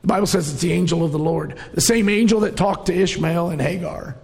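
A middle-aged man preaching with feeling, his voice pitched high and rough with fry. He tells the story dramatically and at times pushes up to a shout. The sound rings out in a long hall reverb. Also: fairly quick. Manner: storytelling, emotional, rising to shouts. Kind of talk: sermon.

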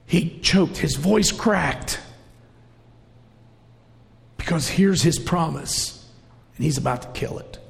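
A middle-aged man preaching with feeling, his voice pitched high and rough with fry. He tells the story dramatically and at times pushes up to a shout. The sound rings out in a long hall reverb. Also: slow, pauses often. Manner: storytelling, emotional, rising to shouts. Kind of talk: sermon.

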